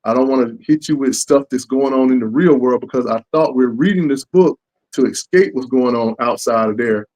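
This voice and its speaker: Animated man acting out fans' reactions. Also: medium pitch, a little fast, poor audio. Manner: animated, acts out fans' lines. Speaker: comic book creator. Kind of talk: casual interview.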